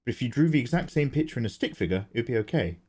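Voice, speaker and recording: A man's voice: medium pitch, expressive, rapid-fire, darkish tone, breathy edge. A man chatting casually on his livestream while drawing, joking and bantering, with casual swearing.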